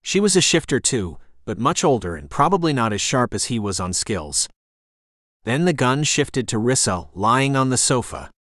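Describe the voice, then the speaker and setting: A male audiobook narrator with a lively, animated pitch who tells a crime story tensely and dramatically. The recording is dry and close, on a studio mic. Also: normal speed, no echo. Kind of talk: scripted narration.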